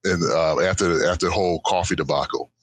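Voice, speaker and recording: A man with a low, husky voice talking in character during a storytelling game. He sounds easygoing and chuckles through his lines. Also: fairly even intonation, quick pace. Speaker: game player.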